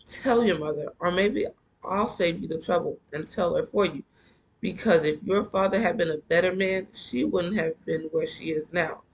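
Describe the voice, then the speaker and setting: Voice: medium pitch, moderate pace, natural voice, poor audio. A reader voicing a stern, lecturing middle-aged stepfather in a storybook read-aloud. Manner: lecturing, then stiffly apologetic. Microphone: earphone mic.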